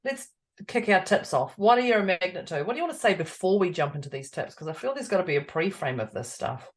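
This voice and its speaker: Husky-voiced Australian woman podcast host. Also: on the low side, lively intonation, fast talker. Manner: chatty, laughs often, playful. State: husky, throat going hoarse. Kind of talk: casual chat.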